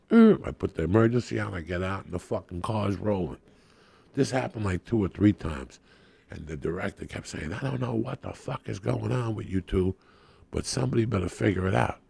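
A man's voice: deep voice, vocal fry, darkish tone, slightly rough. A middle-aged man, a guest comedian, telling a rowdy, profane story on a podcast and acting out the people in it.

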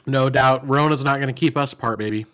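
A man co-hosting a casual podcast, telling animated stories, acting out what people said and swearing freely. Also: medium pitch, fast, clean tone. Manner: animated storyteller, acts out quotes, swears. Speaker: podcast co-host.

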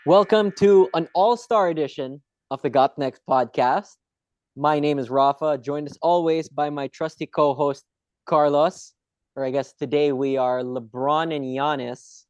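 A man's voice: on the high side, fairly even intonation, unhurried, darkish tone, dry recording. A man hosting a podcast in a chatty, rambling way with asides. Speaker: podcast host. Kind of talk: casual chat. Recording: dull, dry lo-fi sound.

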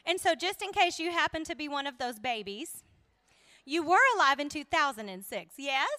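A woman's voice: high voice, animated, moderate pace, bright, forceful tone, no echo. A woman from South Carolina with a Southern accent, giving a playful, chatty talk full of stories to a women's church gathering, laughing often. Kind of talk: humorous storytelling to a live audience.

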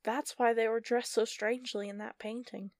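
A woman's voice: fairly high pitch, steady tone, moderate pace, darkish tone, no room sound, clean studio sound, close to an everyday voice. A woman narrator voicing a young witch girl who is earnest and defiant.

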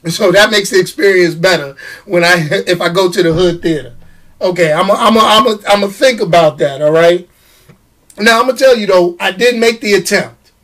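A man hosting a casual live show, talking straight to his commenters with quick restarts, repeated phrases and frequent laughter. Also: high voice. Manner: animated, stammering restarts, laughs often, talks to commenters. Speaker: show host. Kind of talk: casual live-stream chat.

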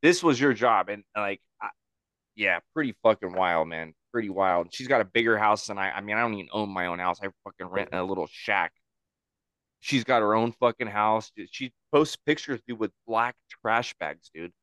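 A man's voice: fairly low pitch, expressive, normal speed, a bit bright, smooth, no echo, clean studio sound. A man in casual podcast chat, slangy and profane, saying dude and bro constantly. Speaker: podcast guest.

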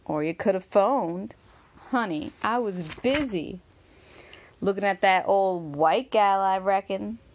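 Woman voicing a jealous young woman, reproachful, sharp, accusing, storybook reading. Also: medium pitch, takes it slowly, close to an everyday voice. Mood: resentful.

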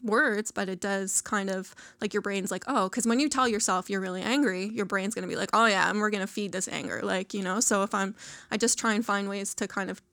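Casual woman guest, mid pitch, dry close mic, talks loosely with lots of "like". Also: fairly bright tone, no echo. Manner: chatty, many fillers, laughs often. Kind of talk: casual interview conversation.

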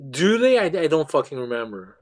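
A man's voice: a little high, sing-song, brisk. A man co-hosting in casual chat, who stammers, repeats words and swears heavily. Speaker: podcast co-host.

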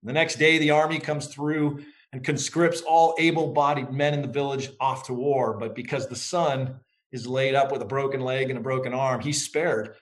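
Middle-aged guy on an interview, thoughtful and measured, telling his story. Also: medium pitch, steady tone. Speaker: interview guest, author. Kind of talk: interview conversation.

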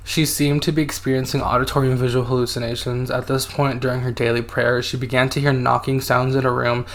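A man's voice: medium pitch, level tone, fast talker, a bit bright. Hesitant man telling a story. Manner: hesitant, reads out quotes, many fillers. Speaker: podcast co-host telling a story. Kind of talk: casual storytelling podcast chat.

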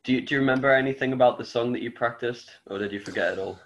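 A man's voice: medium pitch, very fast, fairly bright tone. Jokey man on a casual podcast. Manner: jokey, keeps slipping into silly voices. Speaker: podcast co-host. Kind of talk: casual chat.

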